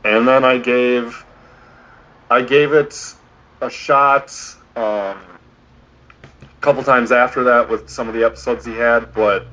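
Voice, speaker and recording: Opinionated podcast co-host, rambling casual delivery, muffled lo-fi recording. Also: male voice, mid-range voice, steady tone, slow pace, pauses often, bright, forceful tone. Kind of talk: casual chat. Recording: dull lo-fi podcast audio.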